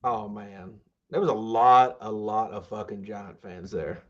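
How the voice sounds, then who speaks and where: A man's voice: lowish voice, a little slow, fairly bright tone. Rambling sports podcast man, muffled sound. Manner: rambling, many fillers and restarts, enthusiastic. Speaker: podcast co-host. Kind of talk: casual sports podcast chat.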